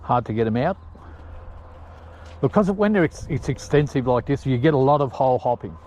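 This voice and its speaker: Sweating after the hill climbs, a ferreter recording his hunt chats away as he works his ferrets and dogs, shouting calls and talking to the animals. He speaks at a medium, expressive pitch and a fairly quick pace, with slight background noise behind him.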